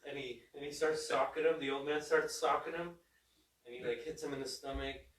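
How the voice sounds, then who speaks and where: A man's voice: medium pitch, fairly quick. A man hosting a casual podcast, eagerly retelling funny movie scenes with quoted lines. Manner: animated storyteller retelling comedy scenes. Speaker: podcast host. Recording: roomy room, distant mic.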